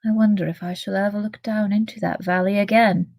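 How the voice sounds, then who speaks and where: A woman reading aloud, voicing a gentle young male hobbit who speaks quietly and reflectively. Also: medium pitch, steady tone, fairly quick, vocal fry, dry recording, natural voice. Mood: wistful.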